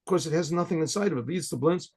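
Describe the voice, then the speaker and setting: A man, a rabbi, telling a folk tale in a loose, rambling way, repeating words and often clearing his throat. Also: a little high, rapid-fire, darkish tone. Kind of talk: storytelling to an audience.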